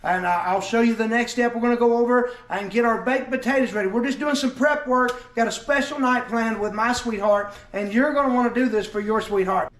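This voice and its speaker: A man's voice: very high-pitched, brisk, hardly any pauses, a bit bright, echoey room. A man chatting folksily as he demonstrates cooking in his home kitchen, joking as he goes. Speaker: cooking vlogger and preacher.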